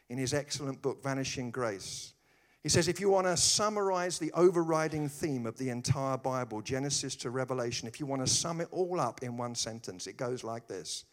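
A man preaching a sermon, telling stories with humor and acting out voices. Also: medium pitch. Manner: animated storytelling with put-on voices and humor.

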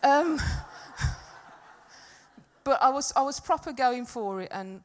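A woman's voice: sits high, animated, slow pace. A middle-aged woman giving a talk at a church gathering, telling a personal story in a chatty, self-deprecating way. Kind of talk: sermon with personal anecdote.

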